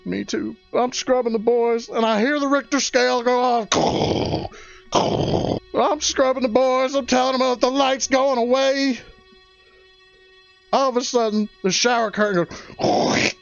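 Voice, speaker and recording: A man telling a crude comic story, excitable and prone to loud rising outbursts. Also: very high-pitched, measured pace, vocal fry, long pauses, muffled recording, soft background music. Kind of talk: stand-up storytelling.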